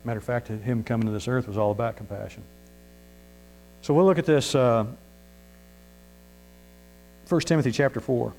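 Folksy preacher with a hum. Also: male voice, medium pitch, normal speed, gravelly, pauses often, darkish tone, low-quality recording. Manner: emphatic, folksy, rising for emphasis. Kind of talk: sermon. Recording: mains hum.

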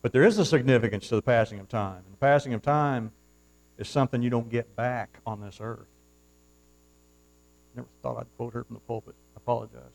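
A male pastor preaching a sermon from the pulpit, swinging from hushed asides to loud, fervent surges and reading scripture in formal old-fashioned wording. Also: mid-range voice, fairly quick, gravelly, rough recording. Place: church, at the pulpit.

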